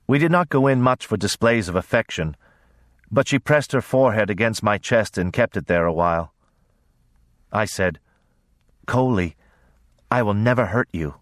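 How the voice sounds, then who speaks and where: A man narrating a novel as an audiobook reader, in a measured, gentle storytelling manner. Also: on the low side, expressive, no echo, clean studio sound. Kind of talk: scripted narration.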